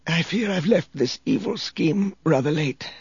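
A man's voice: fairly high pitch, animated, unhurried, creaky, husky, no room sound, lo-fi sound, voice pushed up, full character voice. A man playing a weary remorseful old man. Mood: hushed. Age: older. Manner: hushed, confessional, sinking to a whisper.

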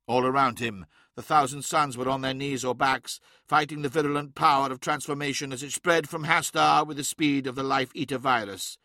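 A man reading dramatic fiction aloud as an audiobook narrator, in measured, vivid storytelling. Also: medium pitch, fairly even intonation, pushed and bright, no room sound, clean studio sound.

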